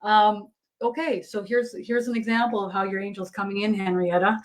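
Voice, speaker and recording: On a livestream, a woman medium speaks at normal speed with a medium pitch and fairly even intonation. Her casual reading is chatty, full of fillers like um and like, with frequent easy laughter.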